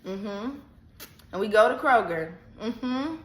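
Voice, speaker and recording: A woman vlogger casually retelling a personal story in an animated, slangy, dramatic way. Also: medium pitch, slow pace. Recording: echoey room.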